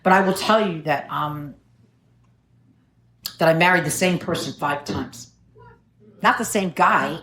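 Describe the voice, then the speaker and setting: A middle-aged woman shares her personal recovery story at an AA meeting, poking fun at herself with wry jokes. Her medium-pitched voice sounds pushed and bright, with lively intonation and a measured pace, and the meeting room echoes.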